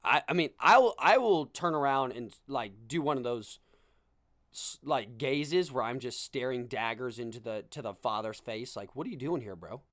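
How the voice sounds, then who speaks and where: A young podcast host with a medium-pitched, fairly bright voice delivers a sarcastic comedic rant full of self-deprecating asides. He's animated and speaks at a normal pace, with clean studio sound and no echo.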